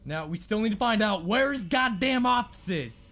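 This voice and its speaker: A young man giving casual let's-play commentary on a horror game, swearing often, muttering to himself and bursting into yells. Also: high-pitched, animated, moderate pace, soft background music. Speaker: gaming video host.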